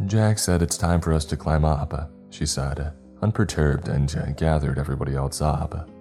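A man narrating a first-person scripted horror story in a steady storytelling manner. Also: extremely low pitch. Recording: faint music underneath.

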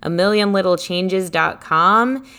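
Bright, crisp-voiced woman podcast co-host. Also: on the low side. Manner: bubbly, quick to laugh, lots of "like". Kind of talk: casual chat.

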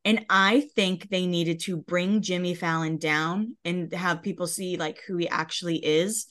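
A woman's voice: fairly low pitch, steady tone, measured pace, fairly bright tone. A woman co-hosting a pop-culture podcast, chatting in a gossipy way with many fillers. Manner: chatty, gossipy, says "like" a lot. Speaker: podcast co-host. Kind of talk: casual pop-culture chat.

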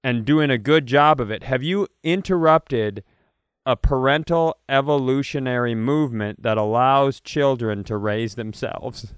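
A man's voice: mid-range voice, unhurried, clean tone, no echo, studio quality. A man co-hosting a podcast, teasing his partner in casual chat and rambling off into tangents. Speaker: podcast co-host.

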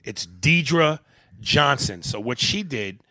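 A male podcast host riffs casually on a comedy show, cracking profane jokes in an animated, joking manner. His voice is medium-pitched and his pace is slow.

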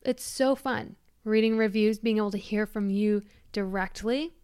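Speaking at normal speed with a steady, slightly mellow tone, this twenty-something podcast host from Michigan chats solo in a gushing way full of "like"s. Her mid-pitched voice is clear and resonant, with no room sound and clean studio quality.

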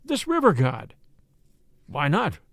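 A man's voice: on the high side, huge pitch swings, no room sound, clean studio sound, exaggerated voice. A man reading a grave old art professor. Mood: fervent. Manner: grave, measured, fervent. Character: grave, kindly older male art professor. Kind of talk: audiobook character voice.

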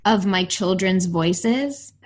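A woman's voice: medium pitch, lively intonation, slow, a little hiss or hum. A woman in her thirties co-hosting a casual podcast chat, candid and chatty, full of "like". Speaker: podcast co-host. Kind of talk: casual chat over video call.

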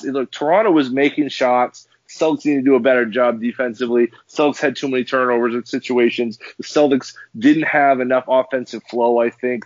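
A man's voice: medium pitch, dry recording. Ranting male sports podcaster, lo-fi. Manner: ranting, animated, stumbling restarts. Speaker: podcast co-host. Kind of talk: heated casual sports talk. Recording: dull dry lo-fi podcast audio.

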